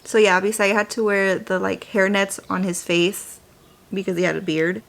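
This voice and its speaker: A woman's voice: mid-range voice, normal speed, vocal fry. Chatty young woman telling a story. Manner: animated, chatty, drops to whispers while applying makeup. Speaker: beauty vlogger. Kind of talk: chatty get-ready-with-me storytelling.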